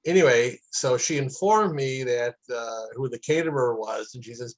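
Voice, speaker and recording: A man's voice: mid-range voice, moderate pace, few pauses, low-quality recording. A man teaching a class on kosher food, telling anecdotes in a chatty, casual way with many fillers. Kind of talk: casual storytelling lecture.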